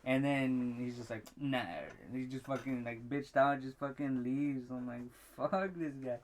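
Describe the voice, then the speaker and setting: A man's voice: medium pitch, flat delivery, moderate pace, a little hiss or hum. A young man holds the floor on a casual podcast. He swears freely, trails off and restarts, and acts out every line of dialogue in his tale. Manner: profane storytelling, acts out quotes. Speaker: podcast co-host. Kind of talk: casual chat.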